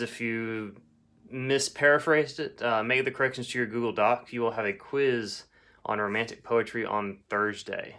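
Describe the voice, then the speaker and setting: Male English teacher, lowish voice, casual recorded lesson with ums and uhs. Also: bright, forceful tone. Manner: casual, explanatory, with fillers.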